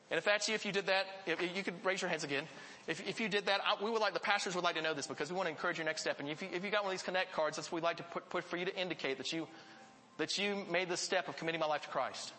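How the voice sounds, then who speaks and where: A man preaching a sermon to his church, telling stories with earnest, animated delivery. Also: sits high, very fast, in a large hall. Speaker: pastor.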